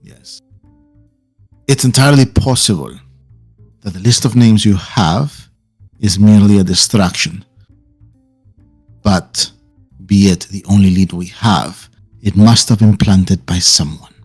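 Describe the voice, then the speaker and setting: A man doing a calculating male spymaster who speaks in a low, deliberate tone. He weighs each word and explains his schemes slowly and carefully, with faint music behind him. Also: husky. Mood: grave. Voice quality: calm, deliberate delivery.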